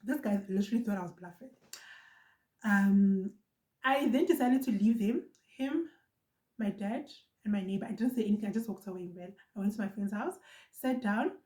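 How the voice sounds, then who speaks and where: In a casual, animated vlog, a young South African woman shares a personal story with her viewers, speaking fast in bursts and repeating lines for emphasis. Her mid-range voice is soft and mellow rather than bright, ringing out in a roomy, echoey space.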